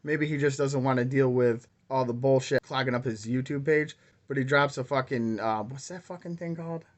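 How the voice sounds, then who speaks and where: A man's voice: mid-range voice, moderate pace. A man hosting his own video, ranting in a rambling, heated way and swearing constantly. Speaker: crypto YouTuber. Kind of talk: profane ranting vlog.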